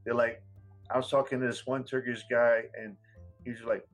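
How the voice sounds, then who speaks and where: A man's voice: mid-range voice, little pitch movement, normal speed, soft background music, rough recording. Man, rambling casual talk. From United States. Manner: rambling, frequent "you know" fillers. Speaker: English teacher. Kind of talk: casual conversation.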